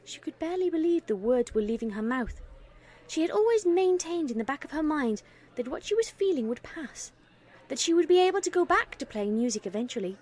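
A woman narrating a fan fiction story in an even storytelling manner. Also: high voice, husky.

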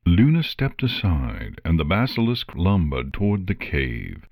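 A man reading a story aloud in a measured, expressive way. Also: low voice, no echo, studio quality. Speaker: narrator. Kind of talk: storybook narration.

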